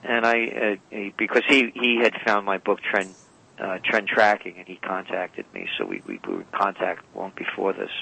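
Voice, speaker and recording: A man's voice: fairly low pitch, expressive, normal speed, gravelly, sharp tone, poor audio. A man as a radio guest, telling long rambling anecdotes and often correcting himself. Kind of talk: storytelling interview talk. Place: radio call-in or studio.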